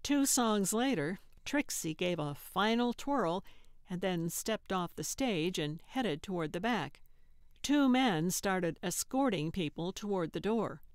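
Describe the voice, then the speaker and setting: Woman audiobook narrator: steady, measured, slow, low-pitched, dry close mic. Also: no echo. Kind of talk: scripted narration.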